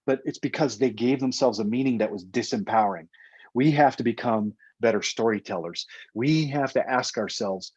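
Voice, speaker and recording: A male coach giving an energetic online talk, emphatic and blunt, with casual swearing and acted-out quotes. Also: medium pitch, brisk, slightly rough, no room sound, dull audio. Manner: acts out quoted voices. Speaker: motivational coach and speaker.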